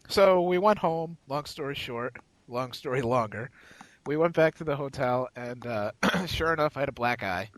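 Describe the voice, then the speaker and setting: A man's voice: mid-range voice, lively intonation, moderate pace, rough recording. A man co-hosting a podcast, telling a rambling, profane story in casual chat and acting out the other people in it. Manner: rambling, profane anecdote-telling with quoted voices. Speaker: podcast co-host.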